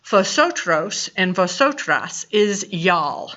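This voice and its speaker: A woman's voice: medium pitch, sing-song, slow pace, sharp tone, dull audio. A woman from the American South with a Southern accent, teaching a Spanish grammar lesson in a patient, step-by-step way. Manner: patient, explains step by step with reminders. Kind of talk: recorded lecture.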